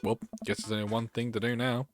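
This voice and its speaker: A man's voice: medium pitch, little pitch movement, brisk, soft background music. A man streaming a game, reading its text aloud and chatting with his viewers. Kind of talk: gaming livestream chat.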